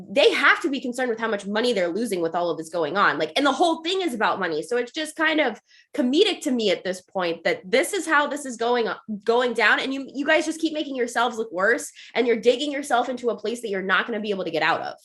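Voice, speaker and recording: Bright, opinionated woman podcaster. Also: fairly high pitch, very animated, quick pace. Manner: opinionated, emphatic, cheers her co-host on. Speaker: podcast co-host. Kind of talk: casual sports chat.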